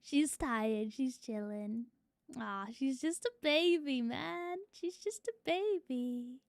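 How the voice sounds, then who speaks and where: Young woman streamer, high voice, dry close sound, swears a lot, chatty. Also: slow, no echo. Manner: chatty, swears casually, talks to chat. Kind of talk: casual live-stream chat.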